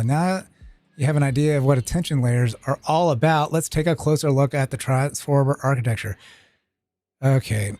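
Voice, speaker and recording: A man's voice: mid-range voice, brisk, darkish tone, faint music behind. A man streaming, reading a technical tutorial aloud and breaking off for casual, profane asides. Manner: reads text aloud with casual asides and swearing.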